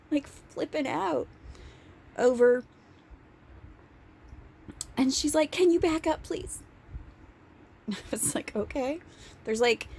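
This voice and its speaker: A young woman telling a casual vlog story, animated and profane, with laughing asides. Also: on the high side. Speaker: vlogger.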